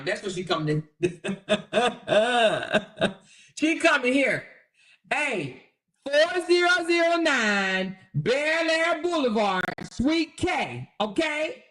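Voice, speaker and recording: A woman's voice: a little high, a bit bright. A brash woman rants on her own livestream, combative and swearing freely. She talks straight to her viewers and keeps checking in with them as she goes. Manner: addresses viewers directly with repeated "okay?". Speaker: livestream host. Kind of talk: profane live-stream rant.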